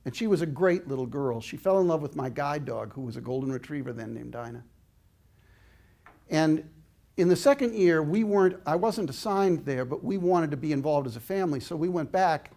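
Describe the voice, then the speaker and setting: A man's voice: a little high, vocal fry, a little mellow. Older man telling an earnest story. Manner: earnest, reflective storyteller with small restarts. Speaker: inspirational speaker. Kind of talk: personal storytelling talk.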